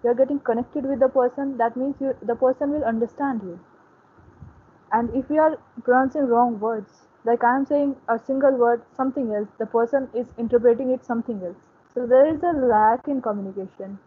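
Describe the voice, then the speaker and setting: A woman's voice: on the high side, a little fast, husky. A Hindi-speaking woman from Uttar Pradesh with an Indian accent, earnestly explaining her views step by step over a video call. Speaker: English learner in group discussion. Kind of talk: casual discussion. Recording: tinny phone-like call audio.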